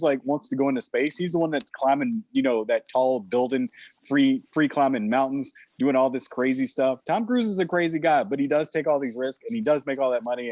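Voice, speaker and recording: Opinionated dude riffing on movies, ordinary pitch, dry mic. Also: male voice, no room sound. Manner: animated, opinionated, says "man" a lot. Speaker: podcast co-host. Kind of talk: casual chat.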